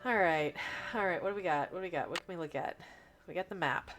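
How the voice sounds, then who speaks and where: A woman's voice: on the low side, quick pace, a bit bright, soft background music. Chatty woman gaming commentator. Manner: chatty, rambling, thinks aloud. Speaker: gaming streamer. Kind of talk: casual let's play commentary.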